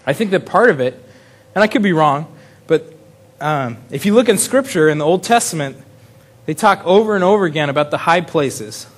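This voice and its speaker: Pastor guy with a high voice, chatty sermon, keeps chuckling and restarting. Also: lively intonation, normal speed. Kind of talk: casual sermon.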